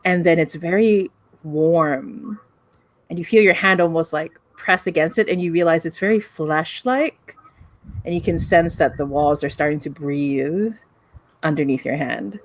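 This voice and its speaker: Woman game master, low voice, descriptive and filler-heavy narration. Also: measured pace, dry recording.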